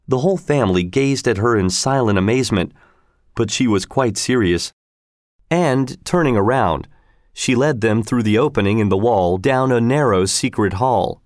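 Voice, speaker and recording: A man narrating a storybook in a steady, measured reading. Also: mid-range voice, no room sound, clean studio sound.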